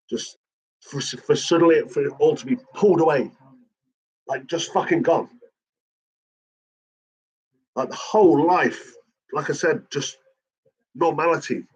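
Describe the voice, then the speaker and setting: Husky swearing man, casual raw chat. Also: mid-range voice, low-quality recording. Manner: swears constantly, raw and halting. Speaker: channel host.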